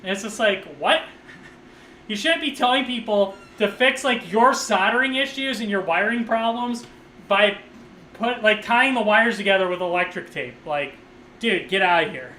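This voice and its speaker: High-pitched guy rambling on stream, swears a lot, laughs a bunch, usb condenser mic, echoey room. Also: normal speed, bright, forceful tone, slight background noise. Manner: rambling, profane, laughs often. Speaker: gaming live streamer. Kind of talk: casual live stream chat while playing. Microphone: USB condenser microphone.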